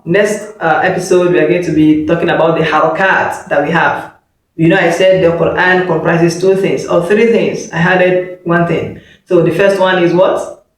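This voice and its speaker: Brief: male teacher, fairly high voice, drills sounds by repetition, far from the mic in a booming room. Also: heavy reverb. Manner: repeats each sound slowly, drilling. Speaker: Arabic teacher. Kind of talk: online lesson.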